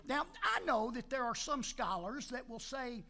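A man's voice: extremely high pitch, lively intonation, moderate pace, bright, forceful tone. An older man preaching a folksy sermon in a church, joking with the congregation and calling out amen between Scripture readings and prayer. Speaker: pastor. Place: church sanctuary.

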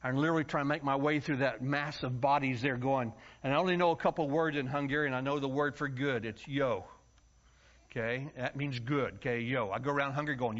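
A man from the United States preaching a story-filled sermon, acting out voices and yelling for comic effect. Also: medium pitch, a little fast. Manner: animated, acts out voices and yells for comic effect. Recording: dull lo-fi sound.

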